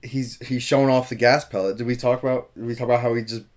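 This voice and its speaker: A man co-hosting a casual movie podcast, laid-back and quick to agree. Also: medium pitch, level tone. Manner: laid-back, agreeing a lot, says "like" often. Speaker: podcast co-host. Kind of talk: casual movie review chat.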